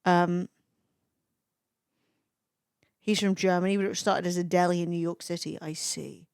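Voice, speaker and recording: Brief: young woman streamer, foul-mouthed, chatty, quick laughter, dry close sound. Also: lowish voice, steady tone, vocal fry, darkish tone, clear, resonant tone, no echo. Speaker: livestreamer. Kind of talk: casual stream chat, reading chat aloud.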